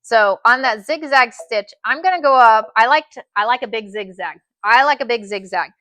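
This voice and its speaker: A woman's voice: a little high, moderate pace, fairly bright tone, no echo. A woman teaching a live sewing tutorial, chatty and folksy, often saying "y'all.". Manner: chatty, says "y'all" a lot. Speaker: sewing instructor.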